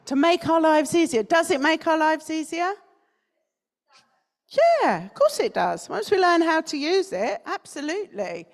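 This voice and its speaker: In a conference hall, a North London woman with a standard British accent gives a chatty talk and asks the audience questions. Her voice is very high-pitched, gravelly and expressive, and she takes her time.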